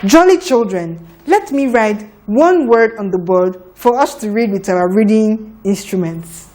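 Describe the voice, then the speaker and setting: Slow, patient woman teaching phonics. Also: medium pitch, lively intonation, mellow. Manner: patient, encouraging, sounds out letters. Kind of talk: slow children's phonics lesson.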